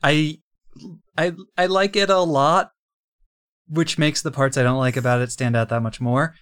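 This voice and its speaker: A man's voice: on the high side, steady tone, normal speed, fairly bright tone, clean tone. A man co-hosting a podcast who talks casually and lays out his opinions at length. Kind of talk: casual chat.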